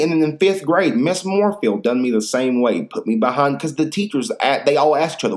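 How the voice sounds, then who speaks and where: A man's voice: medium pitch, lively intonation, a little fast, few pauses. Profane rambling man podcasting solo. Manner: rambling, profane, slangy storytelling. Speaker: podcast host. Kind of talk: casual solo podcast monologue.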